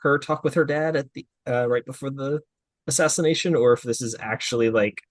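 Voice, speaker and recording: A man's voice: medium pitch, brisk, dry recording. A man co-hosting an anime review podcast, talking casually in a thoughtful, slightly hesitant way. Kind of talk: casual chat.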